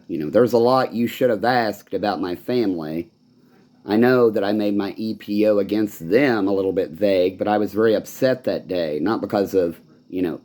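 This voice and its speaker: A man's voice: fairly low pitch, warm tone. A man giving an angry, rambling personal monologue, swearing often and sounding bitter. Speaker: vlogger.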